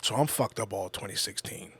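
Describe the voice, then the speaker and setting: A man's voice: lowish voice, a little fast, bright, forceful tone, husky. A man hosting a podcast, telling a personal story in a casual, reflective monologue. He often stops and repeats words, and he swears freely. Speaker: podcast host.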